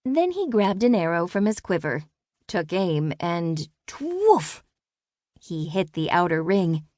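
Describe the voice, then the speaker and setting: A woman narrating a children's audiobook in a calm, measured way. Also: lowish voice, no room sound, clean studio sound.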